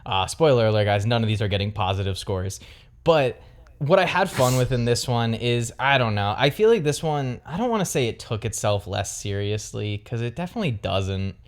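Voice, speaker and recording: A man's voice: medium pitch, expressive, brisk. A young man co-hosting a casual film review podcast, joking, laughing often and arguing playfully. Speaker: podcast co-host.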